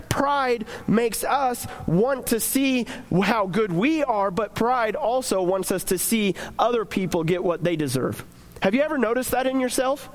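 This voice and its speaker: High-voiced young man preaching casually. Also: lively intonation, normal speed. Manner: conversational, acts out imagined inner voices. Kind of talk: casual sermon.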